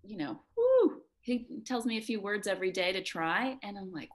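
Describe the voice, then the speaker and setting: A woman's voice: mid-range voice, a little fast, gravelly, fairly bright tone, a little hiss or hum. A young adult woman, an actor, talking casually as an interview guest, chatty and self-deprecating, laughing often. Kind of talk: casual conversation.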